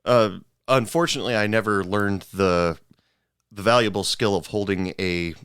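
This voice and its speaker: A man hosting a podcast, telling restaurant stories in a relaxed, halting way. His voice is lowish and smooth. The sound is dry and close to the mic. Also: no echo. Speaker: podcast host. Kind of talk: casual chat.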